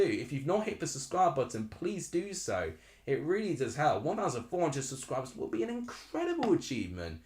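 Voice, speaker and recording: Reacting out loud to a football match on his live stream watchalong, this Essex host in his twenties chats in a rambling, brisk manner. His pitch swoops in a lively way, and a roomy space gives his voice a noticeable echo.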